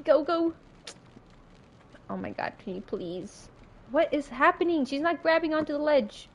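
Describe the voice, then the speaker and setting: A woman livestreaming a game with casual commentary, excitable, swearing often and breaking into laughs and panicky outbursts. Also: sits high, a little slow, long pauses, a little hiss or hum.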